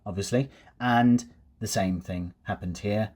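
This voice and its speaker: A man's voice: sits low, normal speed, a little mellow, slightly rough. A man with a Received Pronunciation accent, from England, rambling casually and reflectively with lots of ums and uhs. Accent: English Received Pronunciation. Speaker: vlogger. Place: outdoors on a dog walk.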